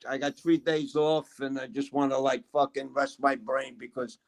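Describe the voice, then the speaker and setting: A man's voice: medium pitch, level tone, moderate pace. A tired man signing off from a casual livestream chat, laid-back and swearing casually. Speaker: guest.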